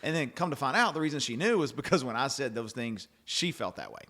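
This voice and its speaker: A man's voice: mid-range voice, expressive, quick pace, sharp tone. A middle-aged man hosting a casual faith-based chat, rambling and restarting, acting out quoted lines. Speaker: podcast host.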